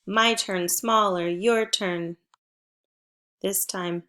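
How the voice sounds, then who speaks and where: Teacher lady doing phonics drills for little kids, super slow and spaced out, bit of vocal fry. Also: medium pitch, fairly bright tone. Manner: slow, clear prompting with pauses. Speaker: first grade teacher. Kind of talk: phonics lesson for children.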